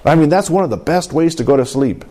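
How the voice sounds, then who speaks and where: A man preaching a sermon in an animated call-and-response manner, often asking for an amen and laughing. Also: a little high, fast, slight background noise. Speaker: pastor.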